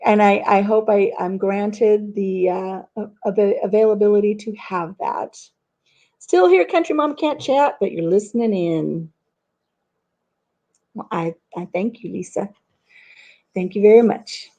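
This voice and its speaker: A chatty middle-aged woman talks straight into her webcam at home, hosting a relaxed live chat. She rambles from one story to the next and answers her viewers' comments as she goes. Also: mid-range voice, measured pace, highs cut off. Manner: chatty and rambling, reads viewer comments aloud, laughs at her own stories. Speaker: host of a live chat stream. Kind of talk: casual live-stream chat.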